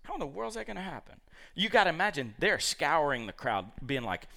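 A man preaching a lively sermon, acting out the characters of a Bible story. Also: mid-range voice, quick pace, a little hiss or hum. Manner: animated, acts out quoted characters.

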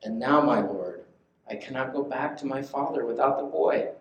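A man's voice: mid-range voice, normal speed, dull audio, lightly acted. Pleading, humble older brother before a ruler, read by a man, plain mid voice, echoey room. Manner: earnest, imploring scripture reading.

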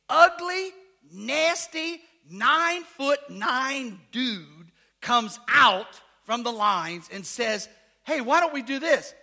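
A male pastor preaching a sermon with a very high, piercing voice that sounds bright and tense. He shouts his points, asks the crowd for amens, and tells stories in folksy slang.

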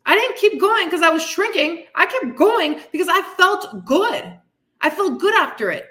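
A woman with a high voice delivers a candid motivational monologue as a fitness coach, blunt and full of swearing. Her tone is bright and sharp, and she sounds frustrated as she vents. She talks straight to her listeners with tough love. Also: expressive, moderate pace. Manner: frustrated, venting. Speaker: fitness coach and podcast host.

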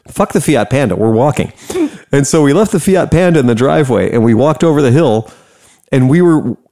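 An American man casually telling a story, animated and profane, laughing often. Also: medium pitch. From United States.

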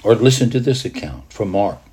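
A man preaching a sermon, drawing listeners into a scene he narrates as "you", moving from loud declarations to hushed tones. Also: on the low side, animated, normal speed, husky. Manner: dramatic guided storytelling, swinging from loud to hushed.

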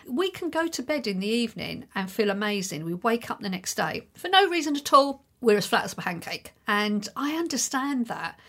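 A woman's voice: fairly high pitch, sing-song, normal speed, hardly any pauses, a bit bright. A middle-aged woman hosting her own podcast, talking alone to listeners in a chatty, reassuring and encouraging way. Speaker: podcast host. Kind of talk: solo podcast monologue.

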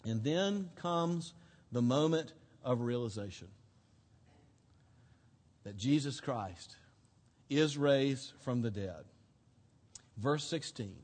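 A male pastor preaching a sermon, telling the story expressively, dropping to a hush and then rising to emphasis. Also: mid-range voice. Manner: expressive storytelling, swinging between hushed and emphatic. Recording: long hall reverb.

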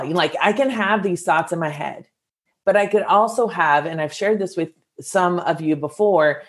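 Earnest low-voiced woman giving a pep talk. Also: normal speed. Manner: casual, earnest and encouraging, with filler words. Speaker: motivational coach. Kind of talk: motivational talk to listeners.

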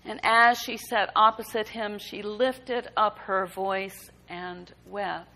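A woman preaching a sermon, reading scripture and reflecting on it in a measured, emphatic way. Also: mid-range voice, steady tone, pushed and bright, poor audio. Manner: slow, deliberate preaching with emphatic rises.

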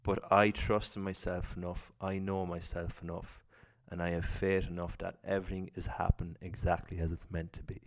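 A man's voice: low-pitched, little pitch movement, moderate pace, few pauses. A man giving an earnest, reflective personal talk about self-belief, telling his story with acted-out inner thoughts. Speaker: self-development speaker.

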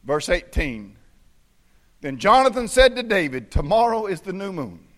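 A man preaching a sermon in church, swinging from hushed, low tones to shouted fervor. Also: lively intonation, normal speed.

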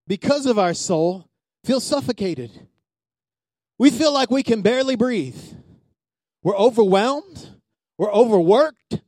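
A man preaching a sermon as pastor, swinging from loud calls to hushed asides. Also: sits high, vocal fry, no echo.

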